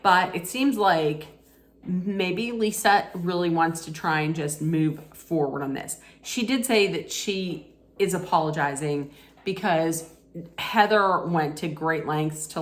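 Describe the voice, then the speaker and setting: A woman vlogger recapping a reality TV episode in a casual, chatty way, retelling scenes and quoting lines with frequent restarts. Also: deep voice.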